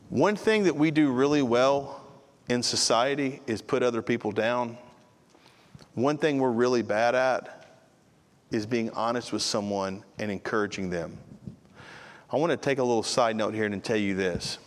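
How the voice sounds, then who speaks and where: A man's voice: medium pitch, moderate pace. A man preaching a sermon in a conversational way, with casual asides to the listeners, in a church sanctuary. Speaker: pastor. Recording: long reverb of a large hall.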